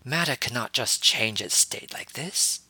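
Guy reading as a stern alien warrior lady, cold and measured, bright dry voice. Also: medium pitch, animated, husky, dry recording, exaggerated voice. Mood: stunned. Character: stern alien woman warrior master, calm, disciplined.

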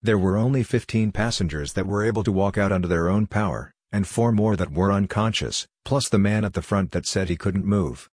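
A man narrating a science fiction story in a steady, plain reading voice. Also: fairly low pitch, fairly quick, few pauses, slightly rough, dry recording, clean studio sound. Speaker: audiobook narrator. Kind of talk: scripted narration.

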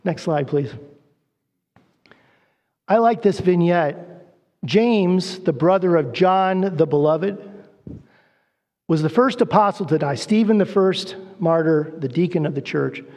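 A man preaches to a congregation, his voice sitting high for a man. He tells stories and acts out the quoted lines with energy. The sound rings with a long reverb from a church sanctuary. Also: slow pace, pauses often, a little mellow. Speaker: guest preacher. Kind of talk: sermon.

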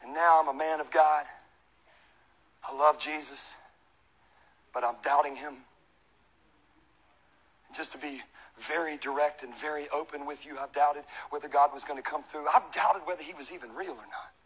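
A man who is a pastor, giving a humorous, conversational sermon and shouting out Bible readings. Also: on the high side, fairly even intonation, normal speed, pauses often, slightly rough, rough recording.

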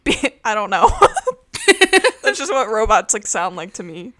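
A woman's voice: mid-range voice, moderate pace. A young woman co-hosting a casual podcast, playful and giggly, recorded at home over a call. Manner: giggly, playful, lively intonation. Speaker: podcast co-host. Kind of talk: casual chat. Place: dim room at home, surrounded by cords.

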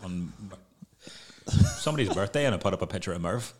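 A man's voice: low voice, expressive, fairly quick, a little hiss or hum. A man, bantering crudely as a podcast co-host, swearing and teasing dryly. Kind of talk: casual banter.

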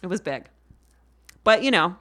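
A woman's voice: lowish voice, expressive, moderate pace, a bit bright. A woman on a podcast, chatting bluntly and jokingly, now and then slipping into playful put-on voices. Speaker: podcast guest. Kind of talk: casual chat.

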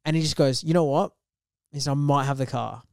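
A young man, co-hosting a podcast and telling a story in lively casual chat, acting out the voices of the people in it. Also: mid-range voice, a little fast, gravelly, smooth, no echo, studio quality. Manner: animated storyteller, acts out quoted voices. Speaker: podcast co-host.

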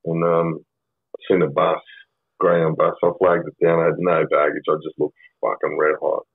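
A middle-aged Australian man with a low, husky voice, telling a story in a blunt and sweary way that wanders and circles back. The sound is thin and tinny, like a phone line, with very dry acoustics. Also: monotone, moderate pace, dry recording. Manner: blunt, sweary, rambling with many fillers. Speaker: podcast guest. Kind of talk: casual storytelling.

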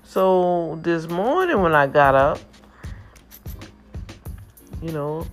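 A woman's voice: low-pitched, very animated, extremely slow. A middle-aged woman talking to her viewers in a chatty, emotional personal faith vlog. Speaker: vlogger. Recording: praise music playing underneath. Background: praise music.

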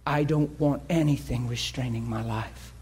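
A man's voice: mid-range voice, moderate pace, a little mellow, slight background noise. A male preacher delivering an emotional sermon, moving between playful banter, laughter and earnest prayer.

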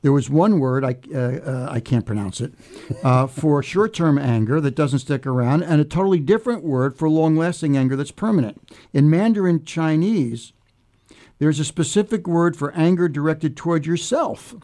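A man's voice: a little high, expressive, normal speed, dark tone. Chatty American man, laughing often. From United States. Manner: chatty, laughs often, many fillers and restarts. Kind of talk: casual chat.

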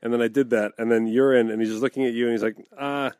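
A man's voice: mid-range voice, steady tone, fast talker, a little mellow, clean tone, dry recording, studio quality. A man co-hosting a podcast in casual comedic chat, telling rambling stories and acting out quotes. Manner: rambling storyteller, acts out quotes, fillers. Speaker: podcast co-host.

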